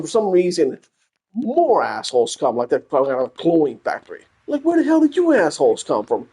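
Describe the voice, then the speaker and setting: A man giving casual gameplay commentary as a let's play gamer, ranting and swearing in exasperation. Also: a little high. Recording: game gunfire and noise behind voice.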